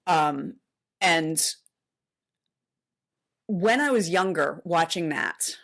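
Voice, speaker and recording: A woman in her forties with a low voice and a gravelly fry talks casually as a podcast co-host. She recaps a movie in loose, animated retelling, full of "like" and "uh" and restarted phrases. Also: very slow. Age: 40s. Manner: animated retelling with many fillers. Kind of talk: casual chat.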